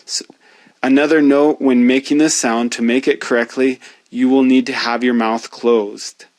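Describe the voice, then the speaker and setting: A man teaching a pronunciation lesson, speaking slowly and deliberately as he demonstrates each sound. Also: mid-range voice, flat delivery, darkish tone, dry recording. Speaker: language teacher.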